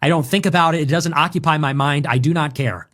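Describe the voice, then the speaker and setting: A man's voice: on the high side, quick pace, a bit bright. A man in his twenties from the United States giving a dismissive, provocative streamed monologue.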